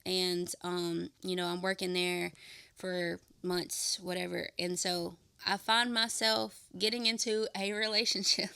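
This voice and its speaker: Young female podcast host, bright and smooth with a gravelly edge, dry close sound, candid confessional telling. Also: lowish voice, level tone, measured pace, dry recording. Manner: candid, rambling with fillers and restarts. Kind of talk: personal testimony.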